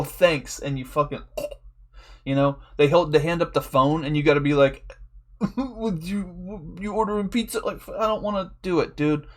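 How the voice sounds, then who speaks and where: A man's voice: on the high side, fairly bright tone. A man telling a long, rambling story in a casual, profane way, laughing often as a draft league coach.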